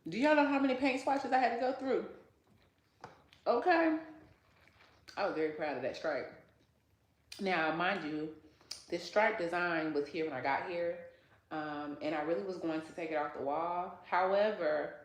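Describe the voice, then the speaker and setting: Chatty woman livestreaming from an echoey salon. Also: on the low side. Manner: chatty, rambling, talks straight to viewers. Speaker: hairstylist and salon owner hosting a livestream. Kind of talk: casual livestream chat with viewers. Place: small salon room.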